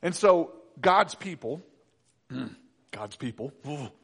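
A man preaching a sermon in an animated way, acting out the complaining voices of the people in the story. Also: on the high side, takes it slowly, vocal fry, slightly rough.

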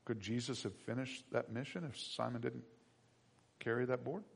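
Husky-voiced pastor preaching in a hall. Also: male voice, medium pitch, steady tone, moderate pace. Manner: dramatic, swings from hushed to shouting. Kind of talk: sermon. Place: church. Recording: long reverb of a large hall.

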